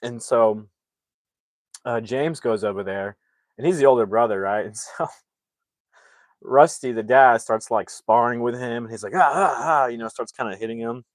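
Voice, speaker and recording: A man casually recapping a movie plot, rambling and acting out the characters' lines in quick impressions. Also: medium pitch, dry recording. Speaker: movie reviewer.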